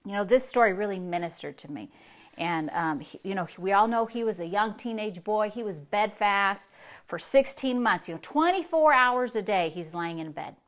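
Woman pastor, mid pitch, storytelling sermon delivery, quiet passages building to emphatic peaks. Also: animated, normal speed. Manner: storytelling preacher, swings from hushed to emphatic.

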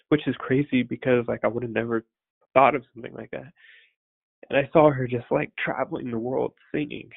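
A man's voice: mid-range voice, fairly even intonation, fairly quick, gravelly, breathy edge, dry recording. A young man, a pastor, talking in a casual, rambling way and choked up with tears. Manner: emotional, tearful, rambling. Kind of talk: casual prayer-call talk. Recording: tinny phone line.

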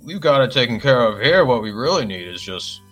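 A man's voice: mid-range voice, big pitch swings, brisk, fairly bright tone, faint music behind. A man voicing an old, raggedy innkeeper who talks in a hesitant, wheedling, folksy way.

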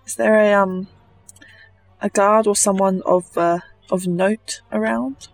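A player in a tabletop game, speaking in a hesitant, halting way. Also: medium pitch, fairly even intonation, creaky, far from the mic, soft background music, low-quality recording.

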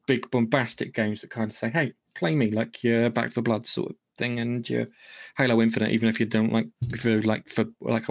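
A man's voice: medium pitch, gravelly. A man hosting a casual gaming news podcast over an online call, rambling with many fillers and restarts and coughing now and then. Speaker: podcast host.

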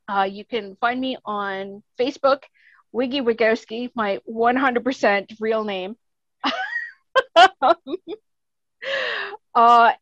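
A woman's voice: fairly high pitch, no room sound, dull audio. A woman with a Canadian accent, speaking as a podcast guest in casual, earnest, rambling chat, laughing often.

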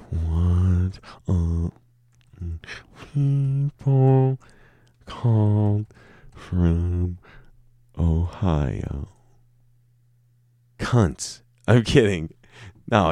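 A man's voice: low-pitched, mellow, no room sound, clean studio sound. A young man talking in a rambling, joking, profane monologue, poking fun at himself. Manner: joking, profane, self-mocking.

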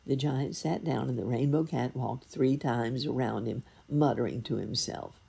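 A woman narrating a fairy tale in an expressive, lively storytelling manner. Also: very deep voice, moderate pace, creaky, few pauses, slightly rough.

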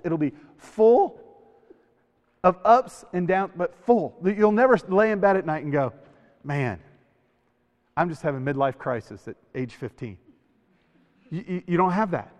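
Fairly high-voiced man preaching in a hall. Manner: animated storytelling, acts out quoted voices. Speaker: youth speaker. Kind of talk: sermon to a youth camp.

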